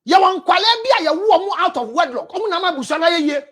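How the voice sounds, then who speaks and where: High-voiced scolding Ghanaian woman counselor. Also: expressive, racing. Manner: forceful, scolding, often shouting. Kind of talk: preaching relationship advice to camera.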